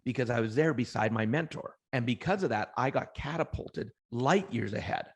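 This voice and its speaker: A middle-aged man from Canada, a trainer telling energetic motivational stories as an interview guest, often restarting phrases. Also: medium pitch, normal speed, breathy edge. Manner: energetic, anecdotal, frequent restarts. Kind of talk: motivational storytelling.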